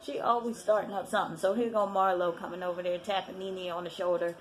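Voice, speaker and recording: A woman casually recapping a reality show episode in a lively, slangy way, acting out what the cast said. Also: on the low side, fast, a little hiss or hum. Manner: chatty, animated retelling with quoted voices. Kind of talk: casual chat.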